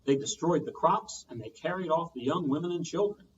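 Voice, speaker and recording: A man, a children's librarian, reading a storytime tale aloud with lively sound effects, heard from a distance on muffled audio. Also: on the high side, fairly quick, a little hiss or hum.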